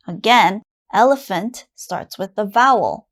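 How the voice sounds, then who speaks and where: A woman teaching a basic English lesson, repeating each word slowly and carefully for learners. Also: on the high side. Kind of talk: slow, clearly enunciated English lesson for learners.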